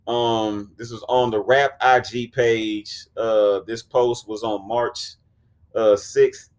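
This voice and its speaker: A man co-hosting a casual sneaker podcast, loud and profane, breaking into shouted laughing bursts, with speech. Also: lowish voice, little pitch movement, slow pace. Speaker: podcast co-host. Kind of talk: casual chat.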